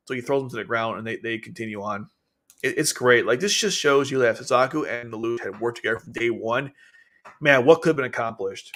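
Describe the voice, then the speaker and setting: A man streaming casual commentary on an anime, animated and quick to act out characters' lines. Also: medium pitch.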